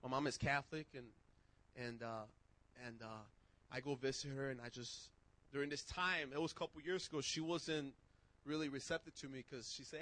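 A man preaching a sermon and telling testimony stories in casual slang, getting excited and shouting as he goes. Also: fairly high pitch, a little fast, slight background noise, poor audio. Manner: excitable, shouts when worked up; casual street slang, restarts.

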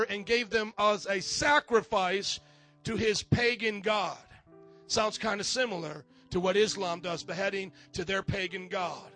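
Male pastor, fiery sermon, very high pitched, rallies the congregation, faint music under. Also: sharp tone. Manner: emphatic, calls out for congregation responses. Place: church service before a congregation.

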